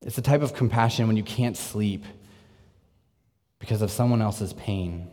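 Earnest low-voiced male preacher in echoey hall. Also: normal speed. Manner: earnest preaching, swings from energetic to hushed and intense. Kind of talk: sermon. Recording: long reverb, echoey hall.

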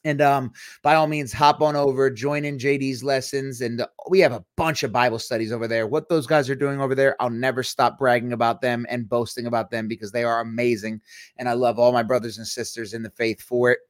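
A man hosting a Christian livestream show, talking in a chatty, rambling way with quick asides. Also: mid-range voice, steady tone, no echo, clean studio sound. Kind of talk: casual livestream chat.

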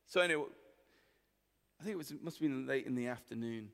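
A man's voice: medium pitch, quick pace, gravelly, fairly bright tone. A man in his forties with a Yorkshire accent, preaching in a chatty, joking storytelling way to his congregation. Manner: chatty, jokey storytelling with the crowd. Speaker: pastor. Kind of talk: sermon. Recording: hall with long reverb.

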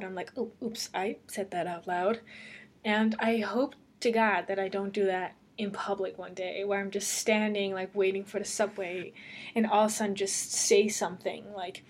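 A woman's voice: mid-range voice, fairly even intonation, normal speed, breathy edge. Chatty woman laughing as she talks. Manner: chatty, laughs often, rambling. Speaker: podcast host. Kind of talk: casual solo podcast chat. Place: lives alone in Amsterdam.

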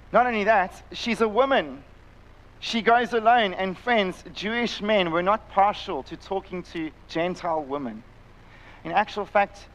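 Prediger, Mann mittleren Alters, südafrikanischer Akzent, recht hohe Stimme, leidenschaftliche Predigt. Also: male voice, high-pitched, slight background noise, poor audio. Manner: impassioned, acts out voices in the story, drops to quiet intensity. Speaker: pastor. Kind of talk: sermon. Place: church, live-streamed service.

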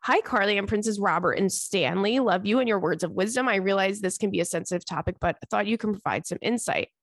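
A woman's voice: medium pitch, a little fast, no room sound, clean studio sound. A woman hosting a podcast, reading out listener letters and reacting in a chatty, giggly way, often breaking into laughter. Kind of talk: casual chat.

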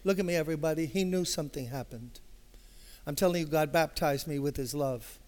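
A man's voice: fairly high pitch, fairly quick, darkish tone. An older man with a New York accent, a pastor telling a story in a sermon, conversational and acting out dialogue, swelling into emphatic passion. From Brooklyn, New York. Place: church sanctuary.

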